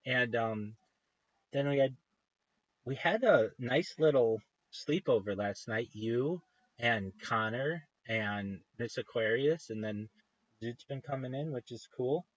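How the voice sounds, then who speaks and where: A man's voice: mid-range voice, takes it slowly, lo-fi sound. A man hosting a livestream in casual rambling chat, meandering and interrupting himself with eager enthusiasm. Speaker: livestream host.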